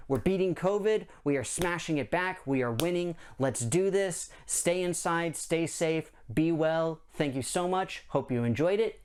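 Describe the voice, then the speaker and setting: A man's voice: on the high side, a little mellow, smooth. A middle-aged man hosting a board game channel, chatting through a countdown list in an enthusiastic, rambling way. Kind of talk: casual countdown chat to camera.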